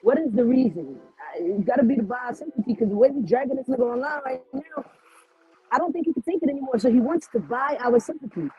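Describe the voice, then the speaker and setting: A woman's voice: sits high, lively intonation, fast, breathy edge, dry recording, muffled recording. A woman co-hosting a casual talk show, blunt and profane, asking the same questions over and over. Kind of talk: casual chat.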